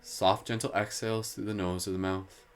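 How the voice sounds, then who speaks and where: A man hosting a live guided meditation, slow and soothing when guiding, giggly and playful between exercises. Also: on the low side, little pitch movement, slight background noise. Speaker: meditation host.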